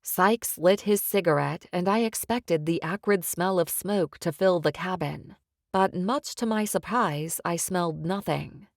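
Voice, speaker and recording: Woman reading a story, lowish voice, close dry mic. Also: vocal fry, no room sound. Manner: measured first-person storytelling. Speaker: audiobook narrator. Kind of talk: scripted narration.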